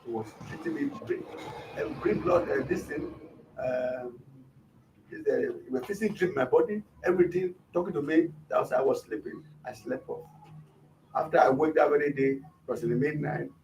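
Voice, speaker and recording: A man, a pastor, retelling a shooting and acting out the shouts of the people around him. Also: fairly high pitch, normal speed, distant mic, slight background noise. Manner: animated, acts out shouts of others. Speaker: pastor, interview guest.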